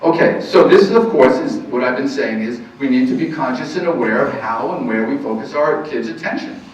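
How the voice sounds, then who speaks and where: A man's voice: mid-range voice, expressive, brisk, slight background noise. A man counselor giving an earnest talk on parenting to an audience, repeating key points and asking rhetorical questions. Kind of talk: lecture to a live audience. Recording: very echoey, distant, muffled room recording.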